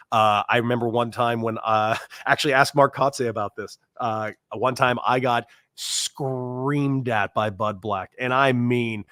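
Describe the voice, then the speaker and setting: A man in his thirties, a former ball player, telling stories in a casual interview, animated and laughing. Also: medium pitch, no echo, studio quality. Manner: animated storyteller, acts out quoted voices, laughs often.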